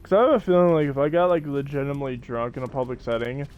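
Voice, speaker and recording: In lo-fi sound, a young gaming streamer with a clear, resonant, mid-range voice plays a survival game live. He chats casually with his audience and friends, joking, rambling along, and quick to laugh.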